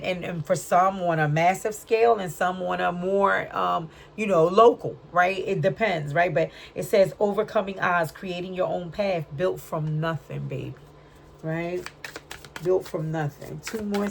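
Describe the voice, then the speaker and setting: A woman's voice: on the low side, vocal fry, slight background noise. A woman giving a casual spiritual card reading, chatty and full of slang, often checking in with "right?". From Puerto Rican, raised in Brooklyn. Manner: chatty, frequent "right?" tag questions; streetwise slang. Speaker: tarot reader.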